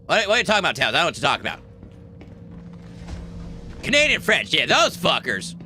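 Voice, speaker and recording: An American man chats while he streams a space game, swinging widely in pitch with a sharp, bright edge. His voice sits a touch high for a man, and he jokes and swears freely. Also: wildly swooping pitch, fast talker, soft background music. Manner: profane, joking banter. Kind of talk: casual gameplay chat.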